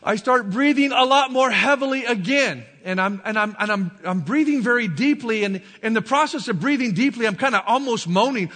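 A man preaching a sermon, telling a personal story in a halting, emotional way, stumbling over and repeating his words. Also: very high-pitched, expressive, bright, forceful tone, in a large hall. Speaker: pastor. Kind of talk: sermon testimony.

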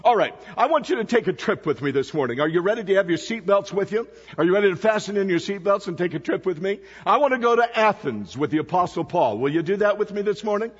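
High husky preacher in a dull echoing hall. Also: male voice, lively intonation, quick pace, hardly any pauses. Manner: storytelling, asks the congregation questions. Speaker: visiting pastor. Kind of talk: sermon. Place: church sanctuary.

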